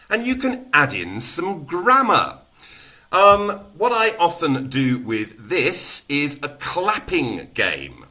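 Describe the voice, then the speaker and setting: A man, a teacher trainer giving a lesson who explains calmly and then breaks into loud, rhythmic chants. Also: mid-range voice, noisy background.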